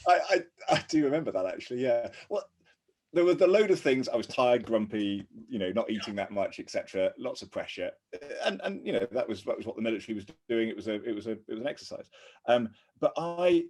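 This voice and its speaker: Bloke, bit husky, explaining things on a podcast, easygoing and laughs a lot. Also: male voice, mid-range voice, very animated, quick pace, a little mellow. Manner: earnest, laughs easily, lots of restarts. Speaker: podcast co-host, ex-army officer. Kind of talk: casual conversational explanation.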